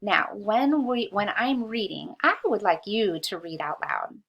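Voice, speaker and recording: A woman teacher slowly reads a history lesson to children, sounding out each word with patience. Her mid-range voice is animated and gravelly with a breathy edge, and the sound is lo-fi.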